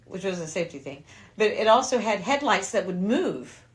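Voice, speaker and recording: A woman's voice: medium pitch, very animated, normal speed. Chatty laughing woman co-host. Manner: chatty, laughing, repeats words as she gathers thoughts. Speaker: podcast co-host. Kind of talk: casual movie review chat.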